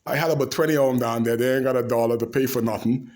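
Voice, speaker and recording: A man telling animated, laugh-filled anecdotes to the camera in a casual way. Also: medium pitch, fast. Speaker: storyteller.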